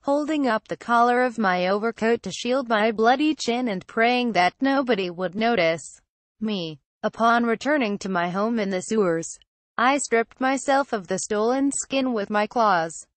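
Calm woman narrating a horror tale. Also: a little high, no room sound. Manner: calm, measured storytelling. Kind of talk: scripted horror story narration.

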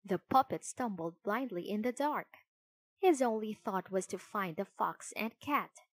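A woman reading a children's storybook aloud in a clear, deliberate way. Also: medium pitch, expressive, slight background noise. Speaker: narrator.

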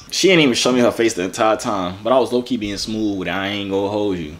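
A man's voice: on the low side, quick pace, slight background noise. Joking young man with a New York accent. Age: 20s.

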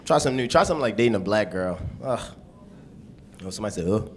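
A man performing a stand-up comedy set on a club stage, punchy and animated. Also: on the low side, racing. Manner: deadpan then animated, punchy delivery. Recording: live club recording with crowd. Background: audience laughter.

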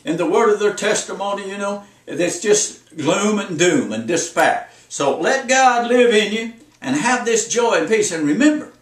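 An old preacher in his seventies delivers a folksy sermon, repeating his points and urging listeners on. His voice sits high for a man. It rings in an echoey room and he stands some distance from the microphone. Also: animated, normal speed, few pauses. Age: 70s. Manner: folksy, repetitive, exhorting.

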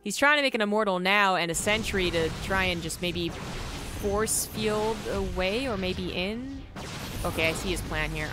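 A young Canadian esports caster with a General American accent provides live strategy game commentary, making joking, sarcastic asides to his chat. His high voice runs at normal speed against a noisy background.

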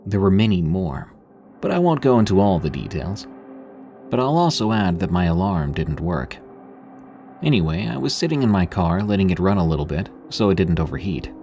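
A deep, low-pitched man reads a true scary story aloud in the first person, building tension through a dramatic delivery. Soft music hums faintly beneath his voice. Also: sing-song, normal speed. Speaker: horror story narrator. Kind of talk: scripted first-person horror narration. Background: faint background music.

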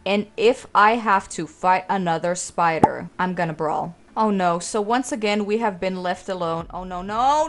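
A woman's voice: lowish voice, normal speed, hardly any pauses. A woman in her twenties hosting a let's play, chatting casually with viewers in a dramatic, exclaiming way. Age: 20s. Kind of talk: casual gaming commentary.

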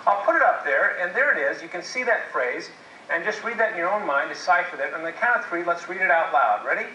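Bright-voiced man giving a jokey seminar. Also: high-pitched, expressive, fairly quick, a little hiss or hum. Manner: jokey storytelling, addresses audience. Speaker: marriage seminar speaker. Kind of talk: presenting a seminar talk. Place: classroom, video played on a TV. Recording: echoey video playback from far off.

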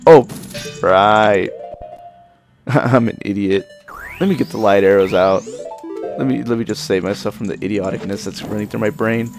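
Young adult man, lowish voice, casual gameplay commentary, cussing and yelping, game music behind. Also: moderate pace, pauses often. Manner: profane, excitable running commentary with sudden exclamations. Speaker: let's play gamer.

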